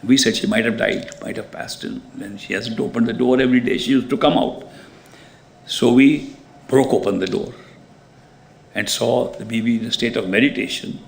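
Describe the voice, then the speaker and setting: A man giving a spiritual talk, telling stories in an animated way. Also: medium pitch, moderate pace, creaky, slight background noise. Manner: animated storyteller, acts out quoted voices. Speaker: spiritual teacher. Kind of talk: spiritual discourse with storytelling.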